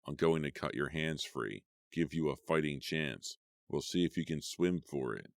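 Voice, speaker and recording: A man voicing a cruel, jovial middle-aged killer who taunts his captives in a low, menacing way. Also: expressive, moderate pace, creaky, no echo, clean studio sound, exaggerated voice.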